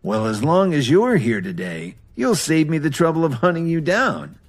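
An arrogant, menacing fighter full of disdain, voiced by a man in an audio drama. He sneers and threatens in a husky voice that rises above the narration and swings widely in pitch. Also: big pitch swings, normal speed. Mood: threatening.

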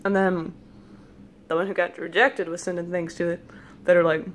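A woman's voice: fairly low pitch, little pitch movement, moderate pace, slight background noise. A young woman casually telling a long, rambling dream story, mimicking people's voices as she goes, snacking between lines. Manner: rambling, playful, quotes people in put-on voices; eating jelly beans while talking. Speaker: vlogger.

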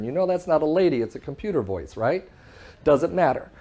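A man's voice: on the high side, sing-song, brisk, warm tone. Guy telling a funny story on stage, acts out both sides of the call, laughs a lot. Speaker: public speaker. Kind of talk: storytelling talk to an audience.

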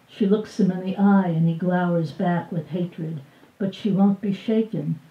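An older woman reading from her own memoir at a bookstore event, measured and expressive, voicing the dialogue. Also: lowish voice. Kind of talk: live book reading. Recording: roomy, distant, dull live recording.

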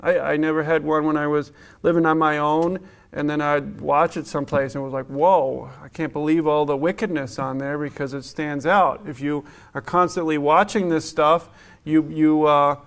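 Give me a male pastor with a slightly high, gravelly voice, preaching a casual sermon. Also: level tone, moderate pace, fairly bright tone. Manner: conversational, laughs often, acts out quotes. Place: church.

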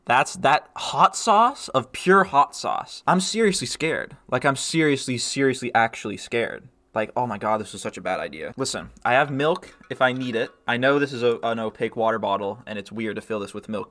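A man's voice: mid-range voice, sharp tone. A man casually commenting on his gameplay, swearing freely and mocking himself while strained from hot sauce. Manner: swears a lot, self-mocking, swings to yelps and groans. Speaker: gaming YouTuber.

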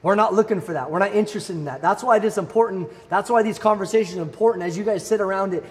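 High-voiced excitable young male youth preacher. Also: fast talker. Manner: energetic, animated storyteller, bursts of excitement. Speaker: youth pastor. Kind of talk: youth sermon with personal story. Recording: long reverb hall.

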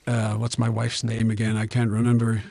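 A man's voice: fairly low pitch, completely flat delivery, normal speed, creaky, mellow, slightly rough, no echo, voice pushed down. A man with a Yorkshire accent using an AI voice changer to voice a rambling, forgetful old American politician while commentating a game. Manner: mumbly, meandering. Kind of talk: gaming commentary in a put-on voice.

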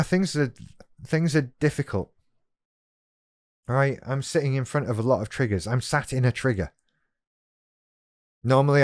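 A man's voice: on the low side, dry recording, studio quality. A man vlogging from his desk at home, thinking aloud in a frank, self-questioning monologue. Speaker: vlogger talking about BPD. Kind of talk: candid reflective monologue.

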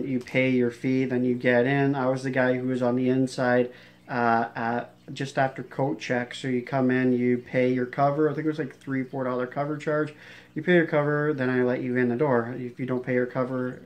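Casting: man, mid-pitched, casual vlogger recounting a bouncer story, loose and rambling. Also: a little mellow. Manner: rambling, many fillers and restarts. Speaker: former bouncer telling a story.

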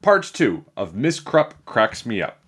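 A man reading a children's chapter book aloud in a playful, animated storytelling manner. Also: mid-range voice, measured pace, breathy edge. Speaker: storybook reader.

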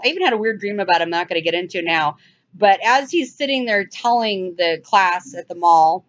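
Urgent, mocking woman on lo-fi audio. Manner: urgent, mocking, swings into high sarcastic voices. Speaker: channel host. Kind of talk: casual commentary over video clips. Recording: dull lo-fi sound.

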